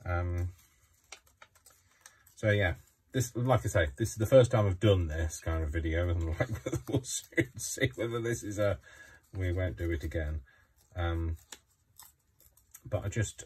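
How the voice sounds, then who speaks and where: A man's voice: sits low, normal speed, pauses often, darkish tone, far from the mic, slight background noise. A tired man with a yawning, rambling manner, chatting to the camera while he does a craft project at home. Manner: rambling, self-talking, many ums and restarts. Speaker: craft vlogger. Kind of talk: casual chat while crafting. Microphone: phone camera left running.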